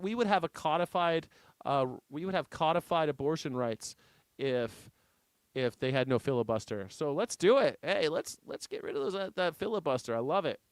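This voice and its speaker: A man's voice: on the high side, clear, resonant tone, no room sound. A man hosting a news reaction show, commenting casually in an irreverent, sarcastic way with some swearing. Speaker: host.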